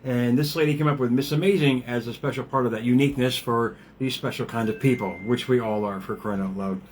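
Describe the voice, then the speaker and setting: Middle-aged male motivational host, loose and rambling, with frequent laughs and casual cussing; mid-pitched voice over faint background noise. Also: steady tone, brisk. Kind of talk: casual motivational livestream talk.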